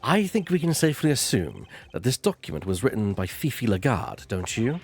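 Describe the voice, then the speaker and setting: A stiff formal prosecutor guy played by a man, measured and dry, mid-pitched but his voice swings up and down a lot, with soft game music under him. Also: very animated, husky. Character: poised formal male prosecutor, adult.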